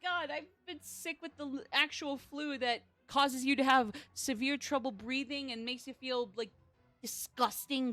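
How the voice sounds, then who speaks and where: A woman's voice: high-pitched, a bit bright. A sleep-deprived young woman streaming a game, chatting casually in a rambling, self-deprecating way. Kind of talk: casual live-stream chat.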